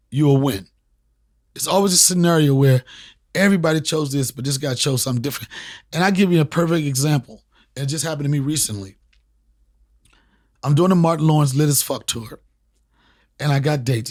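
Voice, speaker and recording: A man, a comedian and podcast host, telling a story in a casual interview with emphatic, profane, animated talk. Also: on the high side, fairly quick, long pauses. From Washington, D.C. area. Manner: animated, profane, emphatic, repeats phrases for punch.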